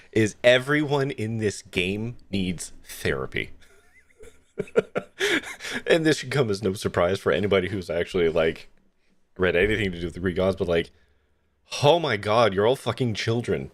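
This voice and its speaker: A man streaming a game, ranting casually with lots of swearing and laughter. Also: lowish voice. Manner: profane, laughing, animated rants. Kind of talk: casual let's-play commentary.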